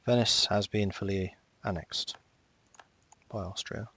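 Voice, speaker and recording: A man's voice: lowish voice, fairly even intonation, measured pace, sharp tone, husky, dry recording. A man casually commenting on his strategy game as he plays, often muttering to himself and talking back to the game. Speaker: strategy game let's player.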